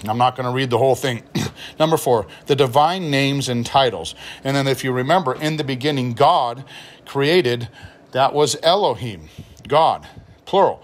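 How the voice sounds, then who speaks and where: A pastor showing a study Bible and explaining its notes in a relaxed, explanatory way, reading passages aloud as he goes. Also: medium pitch. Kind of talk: Bible unboxing review.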